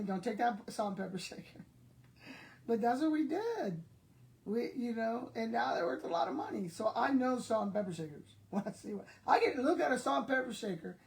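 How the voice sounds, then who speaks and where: An older woman who sells online and vlogs tells stories straight to her viewers, chatting and laughing casually. Her medium-pitched voice is darkish and slightly rough, and the recording quality is low.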